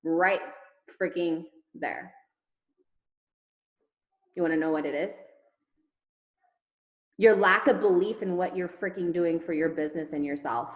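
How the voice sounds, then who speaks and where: A woman with a lowish voice leads her network marketing team over a video call, speaking at a measured pace with long pauses. Her motivational talk is emphatic, full of rhetorical questions, repeated words and casual swearing, and the audio is roomy and lo-fi.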